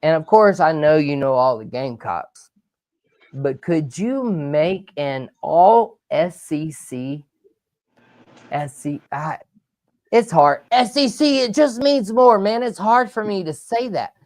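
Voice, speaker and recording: A man hosting a live sports talk show, energetic and rambling, with loud outbursts. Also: on the high side, takes it slowly, no room sound. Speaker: podcast host.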